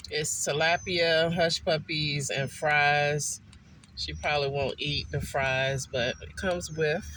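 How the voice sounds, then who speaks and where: A man eating a meal in a car and chatting casually to his viewers, unhurried and full of ums. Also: a little high, fairly even intonation, noisy background. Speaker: food vlogger. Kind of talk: casual mukbang chat.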